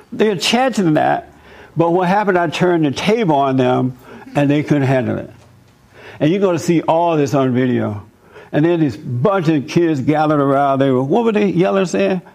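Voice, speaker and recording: A man hosting a talk show, telling an animated, emphatic story and preaching in a casual, fervent way. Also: on the high side, vocal fry.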